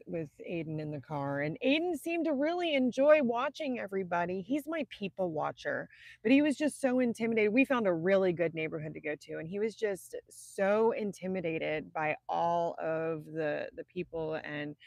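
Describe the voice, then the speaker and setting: A woman from Indiana talks through a late-night live stream from her car, her voice gravelly with fry at a middle pitch. She rambles loosely and keeps breaking off to greet viewers by name. She sounds tired, and the sound is dry, with no room echo. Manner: chatty and rambling, stops to greet chatters by name. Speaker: livestream host.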